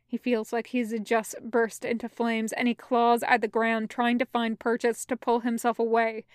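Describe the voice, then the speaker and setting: A woman reading fan fiction aloud as a podfic, in a steady, even narration. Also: a little high, moderate pace, clear, resonant tone, dry recording, studio quality. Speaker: podfic reader.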